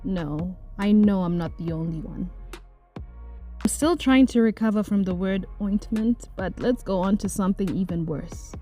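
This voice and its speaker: A young adult woman giving casual commentary, ranting about annoying words in a playfully exasperated, animated way. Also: medium pitch, moderate pace, soft background music. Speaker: vlogger.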